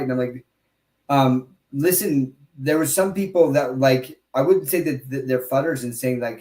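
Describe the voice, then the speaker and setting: In a warm, medium-pitched voice, a man hosts a relaxed podcast conversation, stressing his words strongly while darting into asides and restarting sentences. The space around him sounds clearly echoey.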